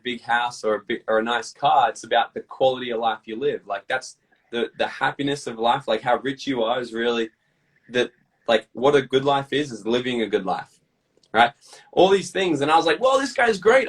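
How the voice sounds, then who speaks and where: A man being interviewed, talking bluntly with lots of swearing and lively storytelling. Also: medium pitch, distant mic, low-quality recording. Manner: blunt, profane, animated storytelling. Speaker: guest. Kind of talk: casual interview chat.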